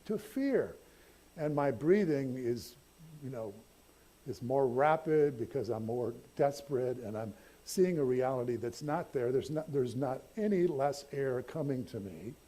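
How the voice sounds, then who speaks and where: A man's voice: medium pitch, animated, unhurried, mellow. An older man, a pastor, telling a personal story in a conversational, self-deprecating sermon. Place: church sanctuary.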